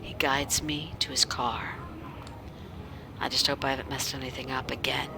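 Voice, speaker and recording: Low-voiced woman narrating with dry wit. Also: flat delivery, normal speed, pauses often, heavy background noise. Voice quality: wry, sardonic, often drops to a whisper. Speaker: player narrating her character. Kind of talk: first-person in-character narration. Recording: clear music behind.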